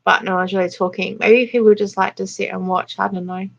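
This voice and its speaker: An Australian woman hosting a casual live chat, chatty and quick to laugh, reading out viewer comments. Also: mid-range voice, level tone, creaky, lo-fi sound. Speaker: livestream host.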